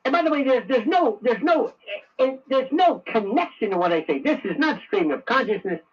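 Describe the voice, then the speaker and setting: A man's voice: very high voice, animated, brisk, husky. Guy ranting on the radio, sarcastic, sounds far off and muffled. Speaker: talk radio host. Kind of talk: talk radio monologue. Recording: muffled radio broadcast, distant.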